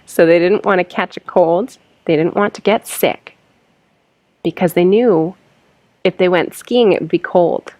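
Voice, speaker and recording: A woman teaching an English lesson, reading example sentences slowly for learners to repeat and then explaining them. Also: on the low side, a little mellow, dry recording.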